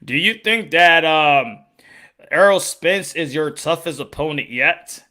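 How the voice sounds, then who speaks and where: Man doing a stiff, halting boxing interviewer. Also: a little high, lively intonation, sharp tone, heavily acted. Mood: stilted. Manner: halting, awkward, repeats himself. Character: stiff male boxing interviewer full of filler words.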